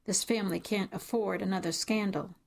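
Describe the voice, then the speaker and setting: A man's voice: high voice, steady tone, brisk, gravelly. A woman reading a cold, stern patriarch father. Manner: curt, cold, disdainful. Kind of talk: audiobook character reading.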